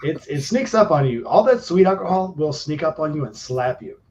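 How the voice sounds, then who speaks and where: A man co-hosting a live stream, chatting casually and rambling through stories with drawn-out fillers. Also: a little high, animated, a little mellow, muffled recording, slight background noise. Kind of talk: casual chat.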